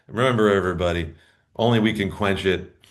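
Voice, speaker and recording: Deep-voiced man bantering with laughs. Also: fairly quick. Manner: laughs often, playful deadpan bits. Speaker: podcast co-host. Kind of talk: casual comedic chat.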